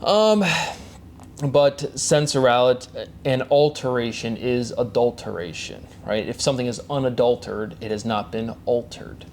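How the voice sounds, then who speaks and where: A man's voice: mid-range voice, steady tone, darkish tone, a little hiss or hum. A man giving a rambling solo monologue, speeding through repeated catchphrases and invented words, with frequent restarts. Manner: fast, repetitive wordplay with frequent restarts and coined words; chanted catchphrases. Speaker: solo presenter.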